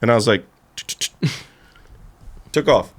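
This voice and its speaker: A man's voice: mid-range voice, extremely slow. A man telling a story on a podcast, acting out the voices and laughing as he goes. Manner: animated storyteller, acts out voices, laughs through. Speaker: podcast guest, skateboarder. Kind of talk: casual storytelling chat.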